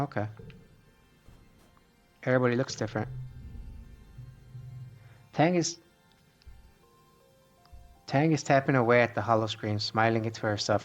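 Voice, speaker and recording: A man's voice: mid-range voice, steady tone, a little slow, long pauses, soft background music. A man streaming a story game, reading its text aloud with lightly voiced quotes between muttered reactions. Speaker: gameplay streamer.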